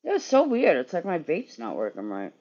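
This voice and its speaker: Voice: mid-range voice, wildly swooping pitch, a little fast, a little mellow, highs cut off. A sleepy, yawning streamer rambling and swearing in casual chat with viewers while working in a garage. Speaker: livestreamer.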